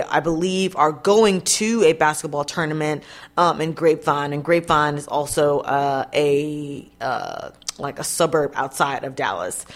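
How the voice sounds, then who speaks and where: A woman vlogger giving casual commentary on a news story, talking straight to her viewers in a blunt, indignant way with plenty of swearing. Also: on the low side. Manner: chatty, addresses viewers directly.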